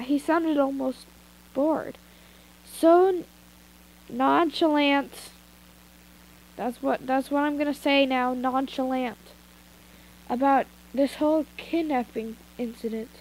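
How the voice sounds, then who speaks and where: High-voiced woman reading fanfiction slowly. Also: a little mellow, low-quality recording. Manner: informal reading with frequent asides and retakes. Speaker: fanfiction reader. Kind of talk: amateur story reading. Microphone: phone.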